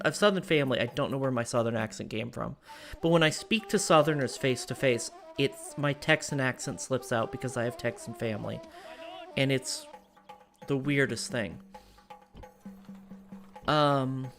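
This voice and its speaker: Woman, General American accent, casual stream chat, thoughtful, digressive, quiet music in the background. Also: very deep voice. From United States. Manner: thoughtful and digressive, thinking aloud. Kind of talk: casual chat while streaming a strategy game.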